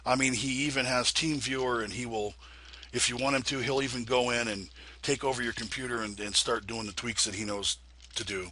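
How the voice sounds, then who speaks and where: A man's voice: mid-range voice, steady tone, brisk, sharp tone, slight background noise. Rambling man walking through computer tweaks. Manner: rambling, repeats words, many ums and uhs. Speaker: flight sim tutorial maker. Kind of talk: casual screen-recorded tutorial.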